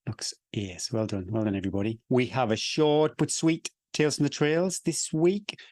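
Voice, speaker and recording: A man's voice: medium pitch, steady tone, moderate pace, darkish tone, no echo. Chatty man co-hosting a podcast. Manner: chatty, reads listener mail aloud, laughs often. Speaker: podcast co-host. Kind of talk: casual podcast chat.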